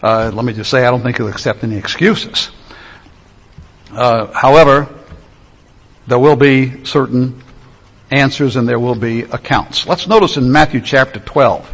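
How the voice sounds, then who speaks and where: A man preaching a sermon, emphatic, stretching key phrases slowly. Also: mid-range voice, fairly bright tone, slightly rough. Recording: echoey hall, dull lo-fi sound.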